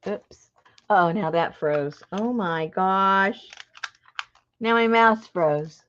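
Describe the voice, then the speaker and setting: A woman hosting a live craft stream, chatting with viewers in an excitable, talkative way. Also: mid-range voice, very slow, slight background noise. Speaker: craft channel host. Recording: dull lo-fi live-stream audio.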